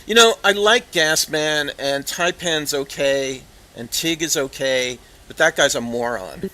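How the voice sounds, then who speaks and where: A man streaming live from a flight game, telling a story in casual, profane, animated chat over a headset mic. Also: fairly high pitch, measured pace, a little hiss or hum.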